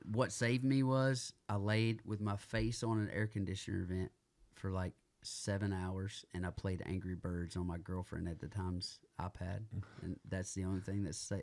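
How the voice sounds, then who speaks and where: Male guest, low voice, rambling profane storyteller. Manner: storytelling, swears freely, bursts into loud laughter. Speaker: guest musician. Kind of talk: casual chat.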